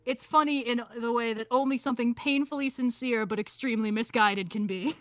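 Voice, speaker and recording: A woman's voice: a little high, fairly even intonation, brisk, fairly bright tone, no room sound, studio quality. A woman co-hosting a livestream, chatting casually and sarcastically with frequent laughter and fillers. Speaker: co-host of a streamed gameplay talk.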